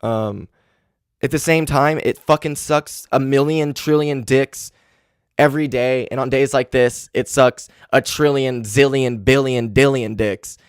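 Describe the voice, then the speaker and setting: A man's voice: medium pitch, steady tone, a little slow, clear, resonant tone, dry recording, studio quality. Young man grieving on his podcast. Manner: candid, grieving, heavy swearing and fillers. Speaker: podcast host. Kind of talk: casual solo podcast monologue. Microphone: handheld podcast mic.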